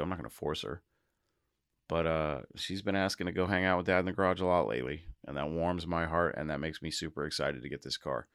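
A man hosting his own podcast, talking casually and excitedly to his listeners and often laughing. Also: rumbling low, dry recording, clean studio sound. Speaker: podcast host. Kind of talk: casual solo podcast monologue.

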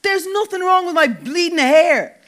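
A man's voice: a little high, sing-song, a little fast, fairly bright tone. A man voicing a touchy, stocky young Irish man who swears and bristles when teased. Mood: indignant. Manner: indignant, sweary, defensive.

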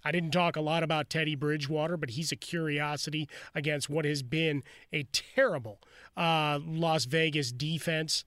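Lively fantasy football analyst, a man. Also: fairly high pitch, normal speed, no echo, clean studio sound. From Chicago. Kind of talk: casual sports podcast chat.

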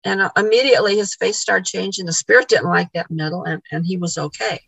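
A woman's voice: medium pitch, quick pace, vocal fry, a bit bright, slightly rough, no echo, rough recording. A woman, a podcast guest, telling a paranormal story in casual conversation, repeating words and acting out the dialogue.

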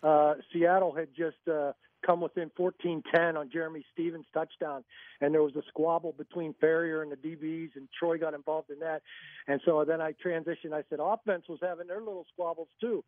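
A man's voice: fairly high pitch, fairly even intonation, a little fast, no echo. A man, an author and radio guest, telling a story animatedly and acting out other people's lines. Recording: tinny phone line, dry.

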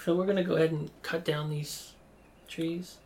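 Relaxed man co-hosting a podcast, slightly high voice. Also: moderate pace, gravelly. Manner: relaxed, rambling, chuckling. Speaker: podcast co-host. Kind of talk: casual chat.

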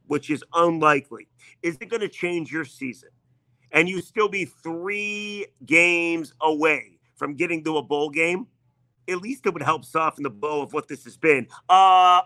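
Man, sports talk host, bright forceful voice, repetitive needling rant, dry close mic. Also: fairly high pitch, no room sound.

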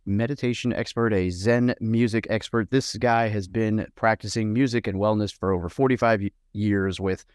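A man's voice: on the low side, steady tone, normal speed, few pauses, darkish tone, clear, resonant tone, no echo, studio quality. A man hosting a podcast, introducing his guest in an eager, informal, conversational way. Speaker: podcast host.

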